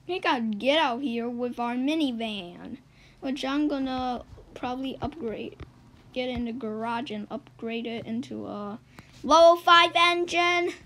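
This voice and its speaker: High-voiced excitable woman gaming. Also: slow pace, pauses often, low-quality recording. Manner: excitable, swings between loud yelps and low mutters. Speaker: gaming YouTuber. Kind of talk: let's-play game commentary.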